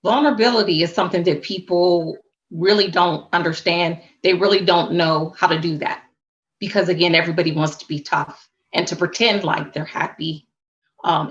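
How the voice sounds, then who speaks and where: A woman's voice: lowish voice, muffled recording. A woman speaking as a spiritual coach and interview guest, earnest and reflective, with faith-tinged phrasing.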